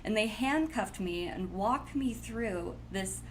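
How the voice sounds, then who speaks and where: A woman telling a personal story in a casual, blunt, animated way. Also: medium pitch, slow, a little hiss or hum, rough recording.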